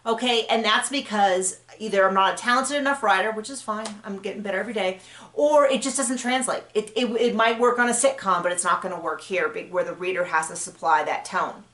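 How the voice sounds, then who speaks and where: Woman author, relaxed advice talk with lots of fillers and restarts, recorded in an echoey room. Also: mid-range voice, brisk. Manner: chatty, with frequent fillers and self-corrections. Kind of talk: casual advice talk to camera. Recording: roomy echo.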